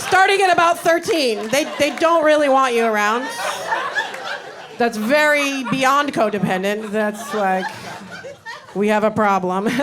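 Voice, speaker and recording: A woman in her forties doing a stand-up comedy set, with a deadpan, weary drawl full of sighs and trailing asides. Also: fairly high pitch. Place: comedy club stage. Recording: noisy background.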